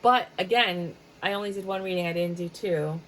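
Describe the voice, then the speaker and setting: A woman's voice: fairly low pitch, moderate pace, fairly bright tone, a little hiss or hum, poor audio. A woman giving a casual tarot reading, blunt and chatty, swearing freely as she talks. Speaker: tarot reader.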